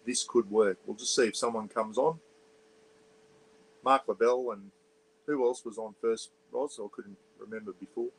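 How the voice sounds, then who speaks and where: An Australian man runs an offhand, rambling livestream from inside a small caravan, talking into an iPad. He greets viewers by name and reads out their comments. He keeps his voice a bit low so he doesn't disturb the neighbours. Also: fairly even intonation, moderate pace, long pauses, slight background noise, rough recording. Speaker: livestream host. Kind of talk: casual livestream chat.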